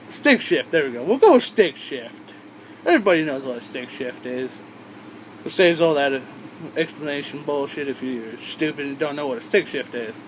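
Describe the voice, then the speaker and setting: Young male vlogger, high voice, rambling and crude, faint hum behind. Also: animated, moderate pace, rough recording. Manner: rambling, profane, with frequent asides and restarts. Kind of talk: rambling casual storytelling.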